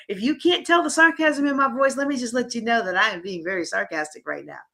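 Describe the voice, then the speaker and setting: A woman presenting a live conference workshop, talking in a lively, conversational way straight to her audience. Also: a little high, quick pace, creaky, hardly any pauses.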